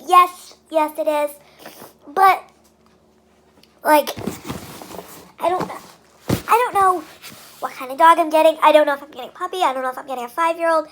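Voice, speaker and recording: A woman's voice: very high voice, moderate pace, long pauses, a bit bright, a little hiss or hum. A young woman vlogging casually, venting with frustration and many fillers. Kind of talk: casual vlog monologue.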